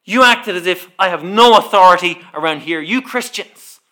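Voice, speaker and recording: A man's voice: sits high, normal speed, bright, forceful tone. A man acting out an angry, self-righteous car park attendant who lectures and accuses, within a spoken sermon story. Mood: indignant accusing. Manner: accusing, indignant.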